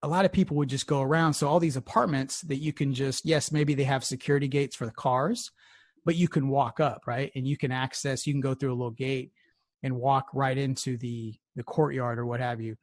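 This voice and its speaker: A man's voice: medium pitch, fairly even intonation, brisk, no room sound. Rambling profane podcast co-host man. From Houston area. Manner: rambling, profane storytelling with laughs. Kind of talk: casual podcast chat.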